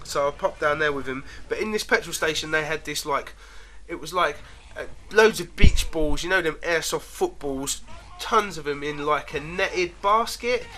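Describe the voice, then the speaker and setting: A man's voice: a little high, moderate pace, bright, forceful tone, a little hiss or hum. A man casually telling rambling stories to camera, laughing often and trailing off mid-sentence. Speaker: vlogger. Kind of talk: casual storytelling.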